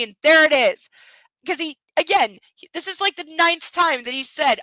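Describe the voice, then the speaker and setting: Bright, sarcastic woman reading aloud. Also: sits high, normal speed, no echo, low-quality recording. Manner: sarcastic, giggly, breaks into baby talk. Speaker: host of a book club show. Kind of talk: reading a novel aloud with comic commentary. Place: home.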